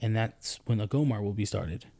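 A man, a soldier and podcast co-host, telling a story in casual chat, his voice climbing high when he gets indignant. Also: moderate pace, vocal fry. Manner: animated storytelling, rising pitch when indignant.

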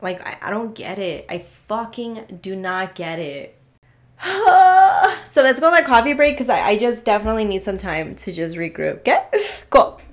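A woman's voice: medium pitch, very animated, normal speed. A woman hosting her own podcast, ranting in a casual, exasperated way, swearing freely and restarting her sentences. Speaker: podcast host. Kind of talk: casual solo podcast rant.

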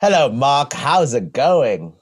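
Male comedian guest, easygoing and laughs a lot, mid-pitched voice. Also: very animated, slow, breathy edge. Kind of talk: casual comedy podcast chat.

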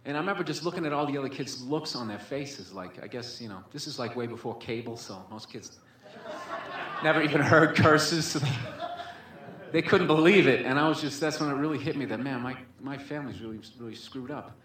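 A man's voice: medium pitch, fairly quick, noisy background. A man doing stand-up storytelling, rambling with constant filler words and swearing, on a comedy club stage. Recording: echoey room with faint ambience.

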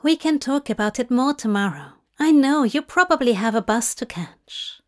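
A woman voicing Aziraphale, a nervous, eager young man who speaks softly and hopefully, in a fanfic reading. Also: a little high, animated, normal speed, close to an everyday voice. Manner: soft-spoken, hopeful.

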